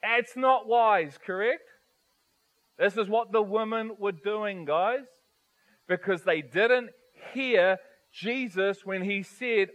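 Male preacher, high-pitched, animated sermon delivery full of rhetorical questions. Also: slow pace, low-quality recording. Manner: animated, rhetorical questions, varies volume widely.

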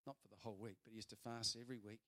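A man over forty, preaching a sermon and telling a story with big swings between loud and soft. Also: on the low side, little pitch movement, racing.

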